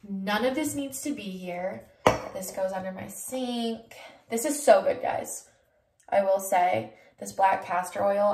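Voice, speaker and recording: A young woman vlogs about her lifestyle, chatting casually to viewers while she cleans and tidies her bathroom and closet at home. Her voice sits on the high side, with slight background noise in an echoey room.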